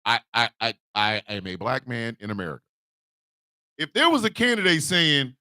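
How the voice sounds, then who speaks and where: A man ranting comedically as a show host, loud and animated with shouted bursts. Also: fairly high pitch, normal speed, no room sound, studio quality. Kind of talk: comic rant.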